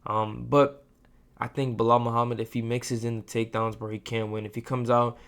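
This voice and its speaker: A man's voice: medium pitch, little pitch movement, a little fast, clean tone. A man hosting a casual fight-predictions video, talking in a slangy, rambling way and calling the listener "bro" often. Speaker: host of fight prediction channel. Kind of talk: casual sports predictions talk.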